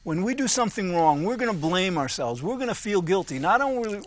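A man's voice: high voice, big pitch swings, fairly quick. A man co-hosting a casual discussion show, explaining his ideas in a rambling way with frequent laughs. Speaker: co-host.

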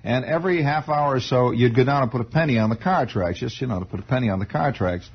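A man's voice: medium pitch, quick pace, slightly rough. A male radio host telling a digressive story in a monologue, stammering and restarting as he goes. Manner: digressive, animated, self-interrupting with stammered restarts. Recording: muffled 1960s radio broadcast.

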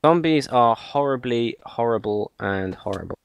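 A man's voice: medium pitch, animated, normal speed, gravelly, smooth. A man co-hosting a casual game let's-play, teasing his friend with mock insults. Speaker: co-host in a Minecraft let's-play. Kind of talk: casual gaming chat.

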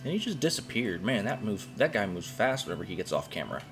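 A man's voice: on the low side, sing-song, fast. A man casually thinking aloud while commentating a video game over faint game music. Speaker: gaming YouTuber. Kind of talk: let's play commentary.

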